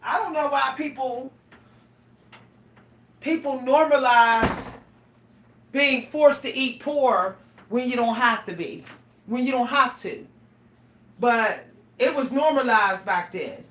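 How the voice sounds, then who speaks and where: A woman's voice: high voice, slow, long pauses, fairly bright tone. A middle-aged woman, talking casually and animatedly to her viewers, laughing and exclaiming often. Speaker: vlogger. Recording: echoey room, voice a bit far from the mic.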